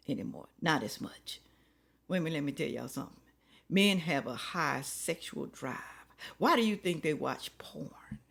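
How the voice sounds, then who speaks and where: A woman's voice: on the low side, a bit bright, husky. A woman talking straight to her viewers in a loose, colloquial commentary. She preaches and lectures, firing off the same rhetorical question again and again. Now and then she drops to a whisper to drive a point home. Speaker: reaction video commentator. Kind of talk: casual opinionated commentary.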